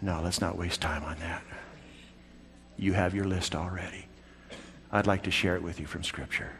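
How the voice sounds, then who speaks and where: A man preaching a sermon in a church, swinging from loud calls down to hushed whispers. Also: deep voice, fairly even intonation, normal speed. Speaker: pastor. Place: church sanctuary. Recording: long church hall reverb.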